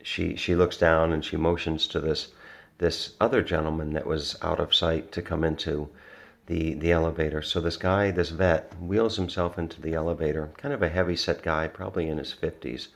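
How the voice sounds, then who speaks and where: A man with a very deep voice talks casually to the camera, winding through a story with plenty of pauses and "uh"s. His tone is gravelly and low, and he comes across as earnest and reflective. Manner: rambling, many restarts and fillers. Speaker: vlogger.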